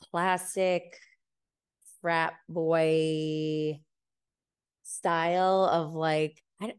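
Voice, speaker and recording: A woman hosting a podcast, telling a story in a casual, chatty way with lots of fillers. She gets animated when she quotes other people. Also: fairly low pitch. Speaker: podcast host.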